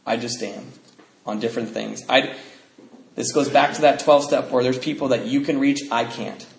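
A middle-aged man telling his personal recovery story at a meeting, emotional and swinging from loud to quiet. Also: mid-range voice, steady tone, moderate pace, vocal fry, slight background noise. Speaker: speaker sharing at a recovery meeting. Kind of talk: personal testimony talk. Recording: echoey room.

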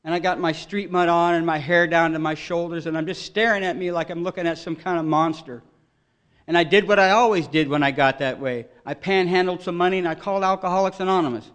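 A man's voice: fairly high pitch, steady tone, fast talker, clear, resonant tone. Earnest man sharing his recovery story. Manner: earnest, emotional storytelling, voice swelling loud at peaks. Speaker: recovery meeting speaker. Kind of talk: personal recovery testimony.

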